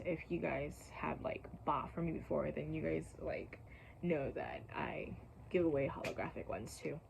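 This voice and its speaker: A woman's voice: low-pitched, gravelly. Young woman vlogger, chatty and filler-heavy, a bit winded, dips into whispers. Faint background noise. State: slightly out of breath. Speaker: YouTuber. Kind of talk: casual how-to vlog.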